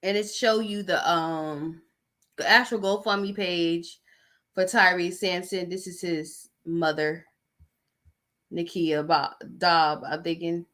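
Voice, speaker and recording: A woman's voice: fairly low pitch, fairly even intonation, slow, a bit bright. A woman podcast host, reading posts aloud and giving blunt, sarcastic gossip commentary in a casual way.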